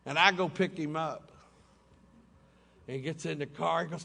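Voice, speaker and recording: A man's voice: fairly high pitch, fairly even intonation, moderate pace, vocal fry, long pauses, bright, forceful tone, breathy edge. A middle-aged man, telling his story to a recovery meeting in folksy style with laughing asides, in a hotel conference room. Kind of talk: personal testimony talk.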